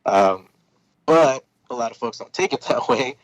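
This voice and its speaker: A man's voice: mid-range voice, animated, measured pace, no room sound, rough recording. A man talking casually as a podcast guest and comic creator, laid-back and rambling with lots of filler words. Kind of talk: casual chat.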